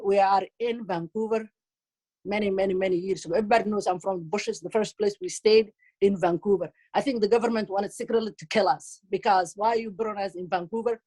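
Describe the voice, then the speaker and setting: A middle-aged woman from Somalia with a Somali accent and Somali as her first language, telling comic stories in an animated, teasing way and exclaiming often. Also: medium pitch. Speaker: comedic speaker at a community event. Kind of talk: comic storytelling.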